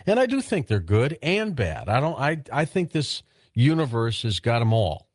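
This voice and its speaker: A man's voice: medium pitch, very animated, normal speed, no echo. A man hosting a late-night call-in radio show, easygoing and curious, weighing his answers thoughtfully at a studio microphone. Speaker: radio talk show host.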